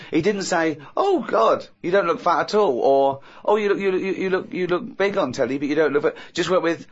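A man's voice: fairly high pitch, lively intonation, normal speed, muffled recording. A man, co-hosting a podcast, telling an anecdote with dry, sarcastic understatement and hesitant fillers. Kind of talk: casual anecdote chat.

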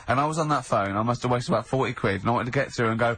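A man's voice: on the low side, racing, hardly any pauses, a bit bright, breathy edge. A man hosting a radio show, joking around in casual banter with a giggly, jokey way of talking.

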